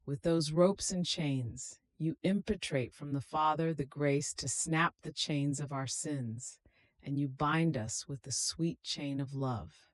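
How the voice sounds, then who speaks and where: A reader giving a slow, solemn, meditative devotional reading in a prayerful tone. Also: medium pitch, dry recording.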